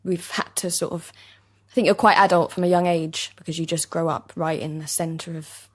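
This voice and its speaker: A young actor from East London, England, with an East London accent talks in a lowish, steady voice. Being interviewed casually in a basement recording studio, she's chatty and agreeable, quick to break into laughter.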